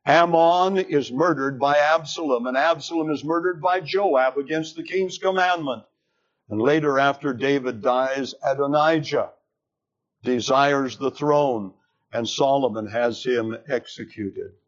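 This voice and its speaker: A man preaching a sermon, retelling a scripture story in a dramatic, deliberate way. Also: medium pitch. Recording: dull lo-fi recording.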